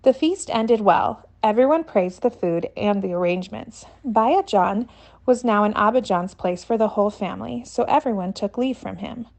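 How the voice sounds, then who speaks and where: A woman narrating a novel in a steady, even audiobook reading. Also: medium pitch, normal speed, vocal fry.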